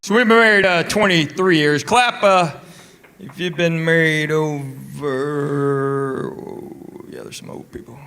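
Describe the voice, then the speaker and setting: A middle-aged man doing a stand-up comedy routine on a theater stage, telling deadpan stories and chatting with the audience. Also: a little high, slow pace. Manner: deadpan storytelling with crowd work. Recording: live show with loud crowd and noise. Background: loud audience laughter.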